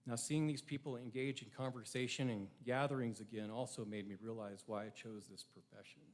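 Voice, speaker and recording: A man's voice: medium pitch, steady tone, a little fast. A middle-aged man giving a prepared ceremony speech, earnest and reflective, with rhetorical questions to his audience. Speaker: ceremony speaker.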